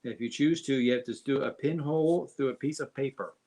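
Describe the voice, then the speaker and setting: A man's voice: medium pitch, brisk, dark tone. Brief: male co-host, jokey sidekick banter on a casual live stream. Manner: joking, teasing banter.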